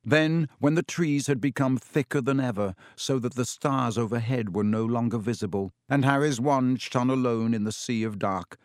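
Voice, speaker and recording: A man reading a children's fantasy novel aloud as an audiobook narrator, steady, measured and suspenseful. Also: medium pitch, no room sound, clean studio sound. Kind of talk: scripted storybook narration.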